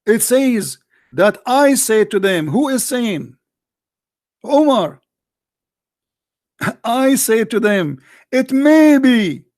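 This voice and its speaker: Brief: male debate host, high voice, hoarse, aggressive and interrupting. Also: lively intonation, very slow, pauses often, no echo, clean studio sound. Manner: combative, interrupting, insulting caller. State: voice getting hoarse. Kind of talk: heated live call-in debate.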